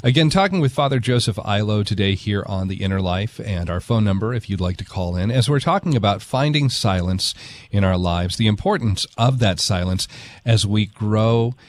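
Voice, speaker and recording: A man's voice: lowish voice, normal speed. A man hosting a radio talk show, friendly and conversational as he takes calls. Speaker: radio host.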